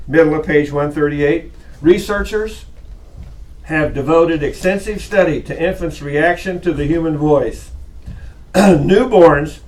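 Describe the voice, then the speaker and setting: A man teaches a college class in a loose, chatty way. His voice sits a bit high, and it sounds slightly distant from the mic. He keeps breaking into small acted voices to make his points. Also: darkish tone. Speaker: college lecturer. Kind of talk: classroom lecture.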